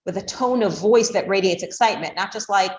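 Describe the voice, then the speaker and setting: A woman's voice: medium pitch, fairly quick, highs cut off, slight background noise. A woman teaching a class, explaining with frequent fillers like "you know" and acting out tones of voice to make her points. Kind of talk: lecture to a class. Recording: roomy echo.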